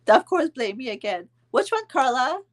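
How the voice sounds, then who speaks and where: A woman in her thirties casually telling a vacation story to her viewers, chatting along with their comments and filling pauses with "um". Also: sits high, very animated. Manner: chatty, answers viewer comments, frequent ums and laughs. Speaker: vlog host telling a story to live viewers.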